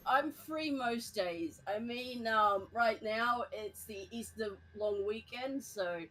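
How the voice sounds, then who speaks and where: A woman's voice: on the high side, slow pace, a bit bright, rough recording. A woman streaming a game and chatting casually, hesitant, with many fillers, restarts and laughs. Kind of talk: casual chat while gaming.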